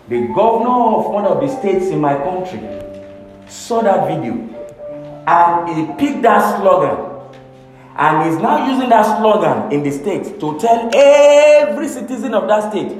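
A man's voice: high-pitched, darkish tone. A man preaching a sermon, emphatic and dramatic, repeating his key phrases. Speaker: pastor. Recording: echoey hall with faint music.

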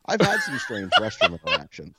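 A man with a husky, mid-range voice talks a little fast as he co-hosts a podcast. Profane and animated, he tells a story casually and acts out the quotes. The recording is dry.

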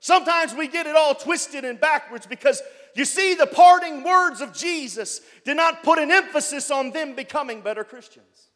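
A man preaching a sermon as pastor, building up to loud shouted passages. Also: very high voice, normal speed, in a large hall. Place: church.

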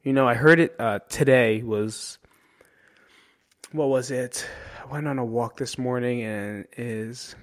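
The podcast host, a New Jersey man, speaks alone in a mid-range voice at a slightly slow pace. He's candid and emotional, swears freely, and rounds off his points with "right?"

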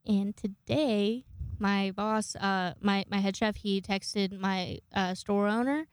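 A woman's voice: mid-range voice, steady tone, takes it slowly, smooth, dry recording. A young woman hosting a casual show, telling rambling stories with lots of swearing and self-mockery. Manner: rambling, profane, self-mocking. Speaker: podcast host. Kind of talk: casual storytelling chat.

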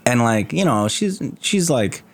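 A man's voice: medium pitch, very animated, a little slow, vocal fry, noisy background. A young man telling rambling, profane stories and laughing often as a podcast co-host in casual chat. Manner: profane, rambling storyteller who laughs a lot.

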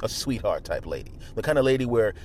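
A man hosting a podcast, telling rambling, absurd comic stories in a deadpan way while driving his car. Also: fairly low pitch, fast talker, a little hiss or hum. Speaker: podcast host. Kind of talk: comedic storytelling monologue.

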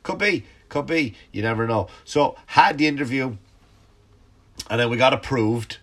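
A middle-aged comedian with a congested, sniffly voice, telling a rambling, profane story in a casual comic monologue. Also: male voice, mid-range voice, lively intonation, moderate pace, fairly bright tone. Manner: rambling, profane, self-interrupting. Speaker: stand-up comedian hosting a podcast.

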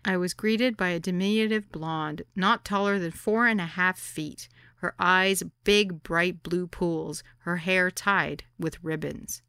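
A woman narrating her own memoir as an audiobook, wry and deadpan. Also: on the low side, takes it slowly, hardly any pauses, clean tone, dry recording, studio quality.

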